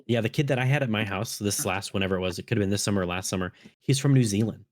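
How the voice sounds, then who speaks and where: A man's voice: on the low side, rapid-fire, no room sound, clean studio sound. A man hosting a podcast, telling rambling stories with lots of swearing in casual chat. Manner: rambling storytelling, swears often. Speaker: podcast host.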